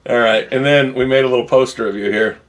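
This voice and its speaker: A man hosting a casual sports betting podcast, who is animated and opinionated and often laughs. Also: mid-range voice, quick pace. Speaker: podcast host.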